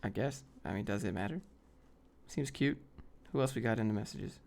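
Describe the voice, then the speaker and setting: A man's voice: lowish voice, brisk, vocal fry, darkish tone. A man from Atlanta hosting a casual live stream, talking in a laid-back, offhand way with many fillers. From Atlanta, Georgia, US.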